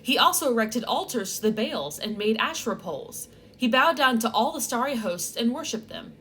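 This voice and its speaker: High-voiced sarcastic woman vlogger. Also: a bit bright, slight background noise. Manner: sarcastic, playful, exaggerated asides. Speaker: host. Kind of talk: comedic Bible recap vlog.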